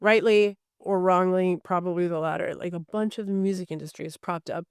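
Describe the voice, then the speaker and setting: Middle-aged woman podcast guest, articulate and reflective, smooth resonant voice, dry close mic. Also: fairly low pitch, fairly even intonation, fairly quick, no room sound. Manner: thoughtful, articulate, laughs easily. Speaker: guest, recording artist. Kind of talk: podcast interview conversation.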